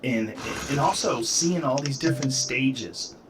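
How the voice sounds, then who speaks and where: A man's voice: mid-range voice, animated, a little slow, far from the mic, background noise. A man hosting a casual podcast chat, talking loosely and rambling with lots of "like". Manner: loose, rambling, says "like" often.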